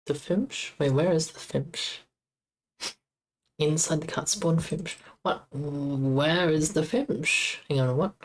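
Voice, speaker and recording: A woman with a very low voice talks through her game code on a live stream. She speaks slowly and haltingly, muttering questions to herself as she debugs, with a relaxed, unhurried pace. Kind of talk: casual live-stream coding commentary.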